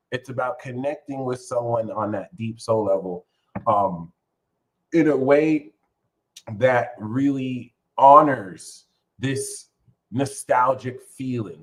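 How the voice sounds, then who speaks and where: A man giving a casual tarot reading, talking in a playful, rambling way and swearing freely. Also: mid-range voice. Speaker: tarot reader.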